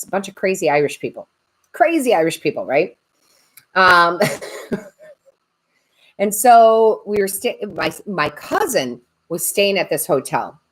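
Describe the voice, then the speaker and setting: Chatty, laughing woman with a low voice. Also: poor audio. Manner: chatty, animated, laughs a lot while talking. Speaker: tarot reader and medium. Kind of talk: live-stream storytelling and tarot reading.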